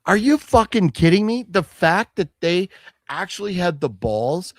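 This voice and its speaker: Man, show host, casual movie talk, animated pitch, halting restarts. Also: dry recording, studio quality. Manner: rambling, halting with restarts, reads chat comments aloud. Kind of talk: casual chat about movie haul.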